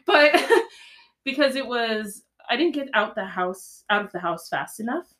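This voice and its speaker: Laughing, animated young mom telling stories. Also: female voice, on the high side, a little slow. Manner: animated storyteller, laughs often, acts out quotes. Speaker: podcast co-host. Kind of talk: casual chat.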